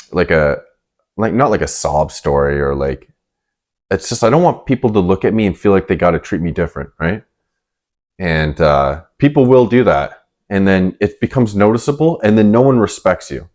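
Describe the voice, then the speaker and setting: Low-voiced young man, laid-back. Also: darkish tone. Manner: laid-back, hedging with "kinda" and "right?". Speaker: podcast co-host. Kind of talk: casual chat.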